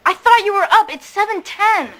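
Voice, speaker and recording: An actress playing an anxious, punctual teenage daughter who keeps nagging about the time. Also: female voice, very high voice, fairly quick, fairly bright tone. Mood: urgent. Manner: insistent, clock-watching nagging. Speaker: TV comedy character. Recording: noisy clip played from a screen.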